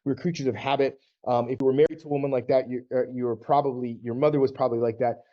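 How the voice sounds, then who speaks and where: A Southern U.S. man who coaches divorced men talks earnestly and conversationally straight to the camera, acting out small quoted exchanges. His mid-range voice is quick and fairly even in intonation, and the lo-fi audio sounds slightly dull.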